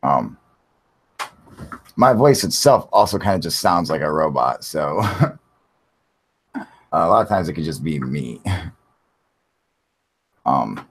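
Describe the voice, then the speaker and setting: A man's voice: extremely low pitch, very animated, takes it slowly, long pauses, fairly bright tone, breathy edge. A man hosting a live stream in casual chat, talking loosely and profanely, chuckling often and greeting viewers by name. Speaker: livestream host.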